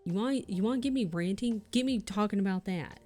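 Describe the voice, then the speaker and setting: A woman streamer in loose, unscripted chat, ranting and swearing as she goes. Her voice sits at an ordinary middle pitch for a woman. Soft music plays faintly behind her. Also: fairly quick. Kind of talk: casual livestream chat.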